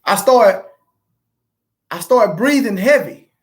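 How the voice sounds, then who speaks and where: A woman telling a live-stream audience how she grieved for her son. She speaks haltingly, repeats herself and addresses listeners as family. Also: mid-range voice, expressive. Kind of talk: emotional live-stream testimony.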